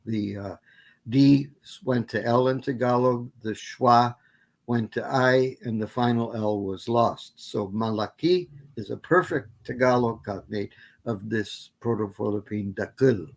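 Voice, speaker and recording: A man's voice: mid-range voice, fairly even intonation, measured pace, gravelly. A man giving a guest lecture, answering questions at length and often correcting himself with fillers. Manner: rambling, self-correcting with many fillers. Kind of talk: academic Q&A answer.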